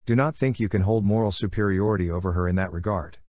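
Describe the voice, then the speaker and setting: A grim captive warrior, voiced by a man reading an audiobook, low and curt. He spits out short, defiant retorts in a dry, close recording. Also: fast, darkish tone, dry recording, natural voice. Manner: curt, spitting, growling. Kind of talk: audiobook character voice.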